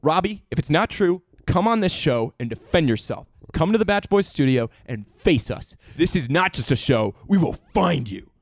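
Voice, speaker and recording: Excitable man joking in a dry studio. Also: fairly high pitch, normal speed, few pauses, no room sound. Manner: excitable, teasing, rambling. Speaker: podcast co-host. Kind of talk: casual comedic chat.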